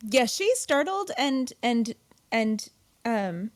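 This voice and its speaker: A woman's voice: on the high side, very animated, takes it slowly. A woman playing a tabletop game, hesitant and apologetic as she works out her turn. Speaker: player.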